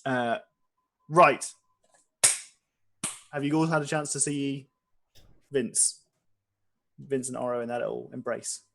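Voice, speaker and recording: A man narrating a tabletop game as game master, playful and quick to laugh. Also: medium pitch, steady tone, gravelly, fairly bright tone, a little hiss or hum.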